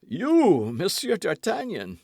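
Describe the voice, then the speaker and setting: A man's voice: wildly swooping pitch, slow pace, creaky, no room sound, clean studio sound, full character voice. A man voicing a frightened young male servant who cries out shrilly in an audiobook. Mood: alarmed. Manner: shrill, alarmed outbursts. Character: startled, usually silent male servant.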